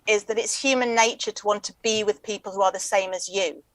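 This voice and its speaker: A woman, chatting as a comedian guest in a quick, wry, joking way. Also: mid-range voice, steady tone, no echo, low-quality recording. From England. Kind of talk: casual chat.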